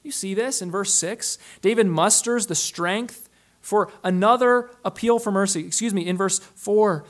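A male pastor preaching a sermon in an earnest, emphatic way, swinging between loud stresses and quiet, low drops and slowing down on key phrases.

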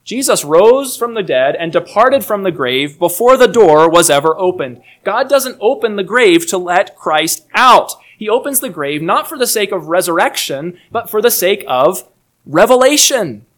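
A man preaching an expository sermon in an earnest, emphatic way, his delivery moving between soft and raised passages. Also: high-pitched, big pitch swings, normal speed.

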